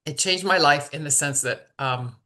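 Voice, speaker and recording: A woman's voice: deep voice, moderate pace, pushed and bright. A woman guest on an interview podcast telling an emotional personal story, hesitant and full of fillers and restarts. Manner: hesitant, repeats words, many fillers and restarts; openly emotional, vulnerable.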